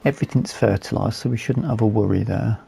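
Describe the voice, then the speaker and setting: A man with a hoarse, fading voice, calmly commentating a game as he plays and thinking aloud with fillers. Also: fairly low pitch, fast, a little hiss or hum. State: losing his voice. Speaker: gaming video host.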